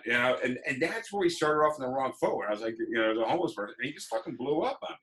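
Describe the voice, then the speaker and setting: Bright-voiced man telling a heated story. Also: medium pitch, very fast, low-quality recording. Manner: animated storyteller, swearing, acting out both sides. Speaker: host. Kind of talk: casual chat.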